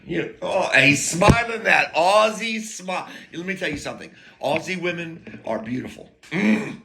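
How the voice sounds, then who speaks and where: A man's voice: fairly high pitch, lively intonation, normal speed, vocal fry, bright, forceful tone, a little hiss or hum. An American man telling a rambling, profane story in a casual monologue, full of jokey asides and broken-off sentences. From United States.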